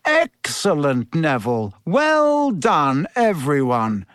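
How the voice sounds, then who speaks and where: A cheerful, commanding middle-aged schoolteacher, as a man puts him on for a storybook reading. He sits a touch high and swings his voice up and down with lively energy. The sound is close and dry, with no room around it. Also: a little slow, no room sound, heavily acted. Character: encouraging middle-aged male teacher.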